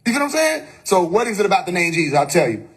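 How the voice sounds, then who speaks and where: A man's voice: high voice, sing-song, rapid-fire, husky. A man on a phone live stream giving an emphatic, preachy spiritual monologue, full of rhetorical questions and casual swearing.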